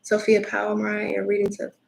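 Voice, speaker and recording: A chatty woman reads tarot cards on a livestream, speaking bluntly and casually. Her voice sits in a middle pitch. The room has a noticeable echo and faint background noise. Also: completely flat delivery, fast, vocal fry. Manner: chatty, blunt, laughs easily. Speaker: tarot reader.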